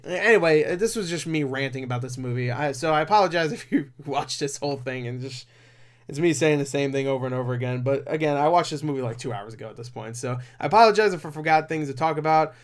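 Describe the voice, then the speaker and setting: A man's voice: a little high, fast. A man giving a casual movie review, rambling with lots of fillers and profane, exasperated outbursts.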